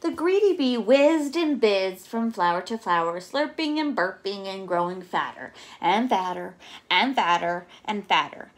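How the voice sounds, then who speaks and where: A young adult woman reading a children's story aloud as a teacher, gentle and coaxing, often asking her listeners questions. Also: medium pitch, expressive, a little slow, slight background noise.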